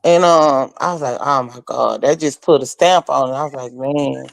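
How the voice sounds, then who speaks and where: A woman sharing memories of a friend in a casual conversation, telling stories in an animated way and acting out what others said. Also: extremely low pitch, normal speed, vocal fry, no room sound, low-quality recording. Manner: animated storyteller, acts out quoted voices.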